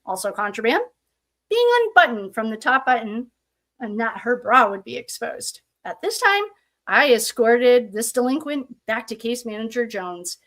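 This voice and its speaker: A woman's voice: a little high, a bit bright. A woman reading prison records aloud in casual commentary, breaking off often for sarcastic asides. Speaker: true crime commentator.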